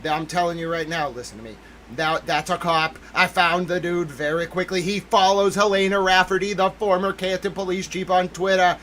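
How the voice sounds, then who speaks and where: A man hosting a livestream, talking in an excitable, emphatic way and greeting chat members by name. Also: sits high, normal speed, few pauses, a little hiss or hum, rough recording. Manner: excitable, emphatic, keeps repeating "listen to me". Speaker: livestream host. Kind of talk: livestream commentary.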